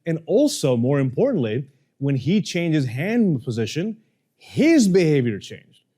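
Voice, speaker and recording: A man teaching a live workshop on speaking, animated and playful, joking with the audience. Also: a little high, measured pace, breathy edge. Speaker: communication coach. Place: seminar room with audience.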